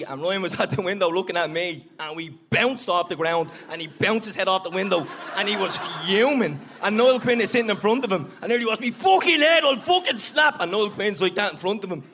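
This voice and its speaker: A man's voice: high voice, quick pace, hardly any pauses, fairly bright tone. Man telling stories on stage. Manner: storytelling, acts out quotes, laughs along. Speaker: podcast co-host. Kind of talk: live podcast storytelling. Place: live venue before an audience.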